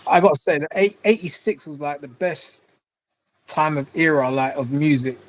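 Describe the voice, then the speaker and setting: A man's voice: fairly high pitch, normal speed, a little hiss or hum. A man in casual chat who swears freely and talks in a streetwise way.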